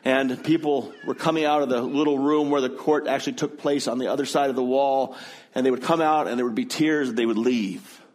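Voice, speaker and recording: A man's voice: medium pitch, steady tone, fairly quick, darkish tone. A middle-aged man preaching, telling a personal story in an earnest, conversational way before moving into scripture. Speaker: pastor.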